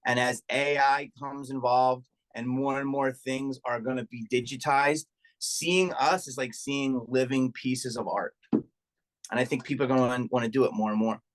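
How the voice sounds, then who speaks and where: A middle-aged man, a comedian and podcast guest, telling profane, animated stories in casual chat and acting out what people said. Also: mid-range voice, normal speed. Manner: profane, animated anecdote telling with acted-out quotes.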